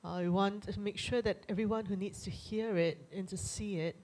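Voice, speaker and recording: A woman's voice: medium pitch, steady tone, normal speed, low-quality recording. Woman moderating a church Q&A. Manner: warm, thankful, chatty with fillers. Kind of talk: hosting a Q&A. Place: church event.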